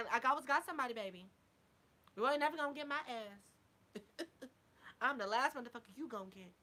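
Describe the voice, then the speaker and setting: Woman, tipsy, sassy, foul-mouthed, bright sharp voice, fairly high pitch, casual vlog chat. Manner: sassy, blunt, heavy swearing. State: a little drunk. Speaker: YouTube vlogger. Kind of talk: casual live chat to viewers.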